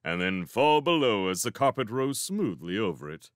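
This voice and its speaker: A man reading a storybook aloud as narrator, with a measured, expressive storytelling manner. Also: on the low side, no echo, studio quality. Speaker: reader. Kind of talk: audiobook narration.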